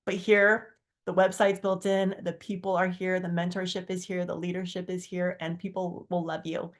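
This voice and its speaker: In a flat delivery at moderate pace, the woman continues her heartfelt testimony as a community call guest. It's a rambling, earnest account with plenty of restarts and fillers, and her quoted dialogue comes out with big pitch jumps.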